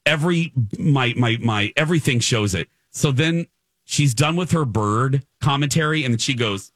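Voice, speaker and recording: A man's voice: medium pitch, moderate pace, dry recording. Exasperated male radio storyteller. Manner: animated, exasperated storytelling with many restarts. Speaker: radio show host. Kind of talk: comic storytelling on a radio talk show.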